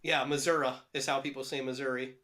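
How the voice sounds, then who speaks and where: Male co-host, bright tone, halting delivery with many fillers, casual podcast chat. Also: sits high. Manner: halting, with frequent fillers and restarts.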